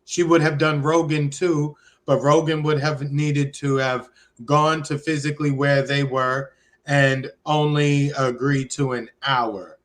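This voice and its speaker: A man hosting a casual podcast chat, relaxed and quick with short replies. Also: on the high side. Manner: relaxed, brief back-channel replies. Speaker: podcast host.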